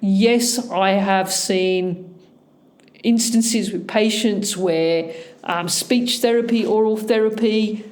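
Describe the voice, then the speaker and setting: This is a middle-aged woman, a dentist, talking through her podcast in an unhurried, explanatory way. Her pitch sits in the middle, and her S sounds come out a touch slushy. She lays out each point methodically, one after another. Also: fairly even intonation, a little mellow. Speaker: holistic dentist, podcast host. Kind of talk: informative podcast monologue.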